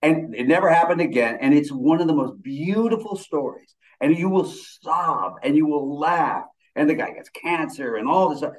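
This older film director's fairly high voice moves at a normal speed with few pauses, though the recording is rough. In a casual interview, he tells stories with eager, animated enthusiasm.

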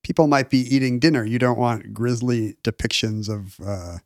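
A man in casual podcast conversation, deadpan and wry. His voice sits mid-range and is recorded very dry and close, with no room sound at all. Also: medium pitch, vocal fry, no echo. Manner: wry, deadpan jokes, quick asides. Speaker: co-host.

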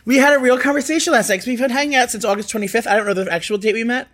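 A man co-hosting a casual podcast chat, gossipy and talking in quick bursts. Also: extremely high pitch, a bit bright. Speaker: co-host.

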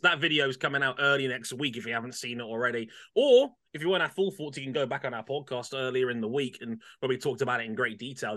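A man hosting a casual podcast panel, chatty and quick to laugh, with plenty of fillers. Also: medium pitch, pushed and bright. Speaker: podcast host.

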